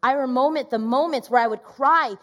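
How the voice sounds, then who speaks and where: A woman pastor in her thirties preaching a sermon, telling a personal story in an animated way and acting out the quoted voices. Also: high-pitched, a little fast. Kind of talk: sermon testimony.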